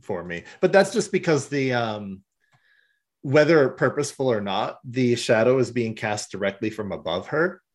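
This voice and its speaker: A man chatting casually as a podcast co-host, recounting events with animated storytelling. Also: medium pitch, normal speed. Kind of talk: casual chat.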